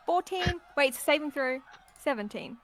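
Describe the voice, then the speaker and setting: A woman with a slightly high voice chats her way through a tabletop game as a player. She talks quickly and laughs often, animated and playful. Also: soft background music. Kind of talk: casual tabletop game chat.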